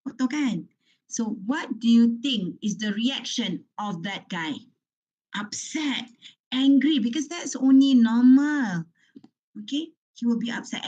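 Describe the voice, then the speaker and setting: A middle-aged woman with a Malaysian accent lectures students on counselling at a moderate pitch. Her delivery is animated and story-driven, and she switches easily into Malay. The recording is slightly muffled and lo-fi. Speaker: guest speaker, counselling lecturer.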